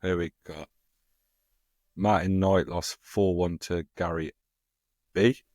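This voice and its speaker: Male co-host with a very deep voice, steady and unhurried, dry close mic. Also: no room sound. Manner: steady, unhurried, reads names out slowly. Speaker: co-host of a darts podcast. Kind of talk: casual chat.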